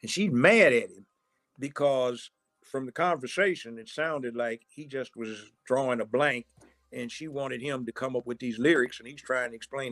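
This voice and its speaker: A gravelly-voiced man spins a casual story and acts out what each person said. The sound is dry and close. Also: medium pitch, moderate pace, dry recording. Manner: animated storyteller acting out quotes. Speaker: guest storyteller. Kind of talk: casual anecdote telling.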